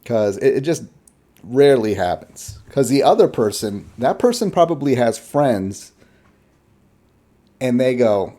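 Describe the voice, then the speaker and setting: A man's voice: medium pitch, very animated, a little slow, long pauses, warm tone. A man giving casual, rambling reaction commentary in a blunt, chuckling way.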